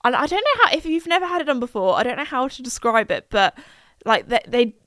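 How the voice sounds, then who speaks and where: A woman's voice: sits high, sing-song, fast, fairly bright tone, no room sound, clean studio sound. A young woman, chatting casually and rambling on her solo podcast, full of fillers and asides. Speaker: podcast host.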